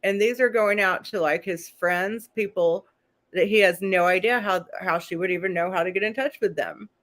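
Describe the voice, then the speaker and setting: A woman hosting a casual live stream, talking through a documentary in a chatty, unscripted way. Her voice sits at a middle pitch, and she stops now and then to read letters aloud. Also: normal speed, a bit bright. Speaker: host.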